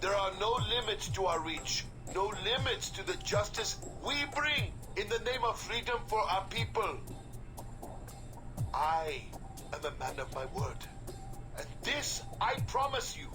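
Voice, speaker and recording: A man's voice: high-pitched, lively intonation, measured pace. An actor playing a male terrorist leader in a game, giving a solemn, grandiose threat in a put-on foreign accent. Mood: menacing. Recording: game audio with music behind.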